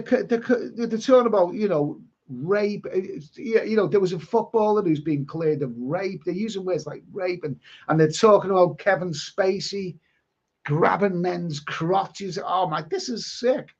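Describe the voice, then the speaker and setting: A man's voice: high-pitched, darkish tone, muffled recording. A man hosting a casual live stream, rambling through viewer comments with many stumbles and restarts, a bit bunged up with hay fever. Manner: halting, many repeated words and restarts. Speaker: livestream host reading viewer comments.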